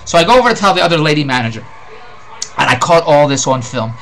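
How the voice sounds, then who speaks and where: A man's voice: a little high, lively intonation, quick pace, fairly bright tone, low-quality recording. A middle-aged man with a Philadelphia accent, ranting in a rambling, exasperated comic monologue and repeating himself. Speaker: host.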